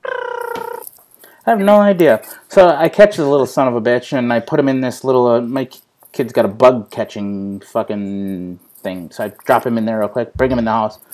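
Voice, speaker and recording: A man hosting a casual livestream chat, telling stories in a profane, animated way. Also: medium pitch, fairly quick. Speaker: vlog host.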